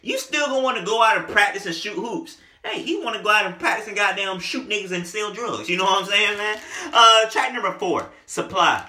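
A man reviewing music for laughs, his fairly high voice riding loose and animated through the jokes. The tone is very bright and sharp, almost piercing. It all bounces around an echoey room. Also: brisk, a little hiss or hum. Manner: joking, exaggerated, animated riffing. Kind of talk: comedic album review.

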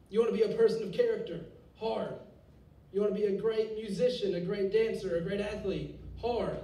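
Energetic young male preacher in echoey hall. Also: high-pitched, recorded from a distance. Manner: energetic, conversational preaching with casual asides. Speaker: youth pastor. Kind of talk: sermon. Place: church hall.

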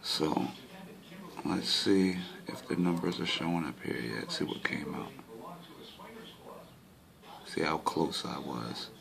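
Low gravelly man vlogging casually. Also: slow, pauses often, crowd noise. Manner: excited and frustrated, pointing at a chart. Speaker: lottery system vlogger. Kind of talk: casual talk to camera.

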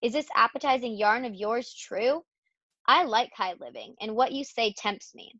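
A greedy male barn rat grumbles his lines slowly, as a woman voices him in a storybook reading. The sound is dull and dry. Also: on the high side, pushed and bright, no echo. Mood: eager. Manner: grumbling, slow.

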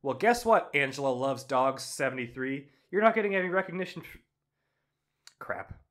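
A man hosting a comedy news show, delivering lines with an exasperated, deadpan edge. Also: mid-range voice, a little fast. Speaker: news host. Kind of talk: comedic fake news anchoring.

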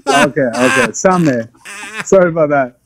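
A man's voice: fairly high pitch, sing-song, moderate pace, gravelly, crowd noise, poor audio. A Norwegian man, a guest musician, chatting casually in English with many fillers and restarts. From Norway. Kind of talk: casual remote interview.

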